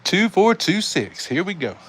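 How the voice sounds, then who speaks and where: A man with a Southern US accent calling live die-cast car races, excitable and saying y'all, reading out times as each heat ends. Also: high voice, unhurried, slight background noise. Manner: excitable, calls out race times, says y'all. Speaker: die-cast race host and commentator. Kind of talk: live race commentary.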